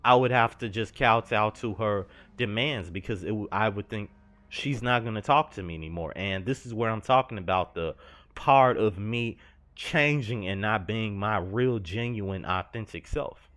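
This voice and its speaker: A man's voice: on the low side, moderate pace, fairly bright tone. A young man telling a personal story over gameplay, earnest and confessional, slangy and rambling. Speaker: gaming vlogger.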